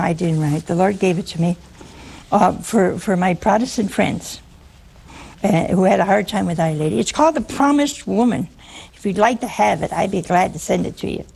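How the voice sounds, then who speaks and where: A woman's voice: medium pitch, creaky, darkish tone, husky. A woman preaching a humorous sermon in a wry, teasing way, often putting questions to her listeners.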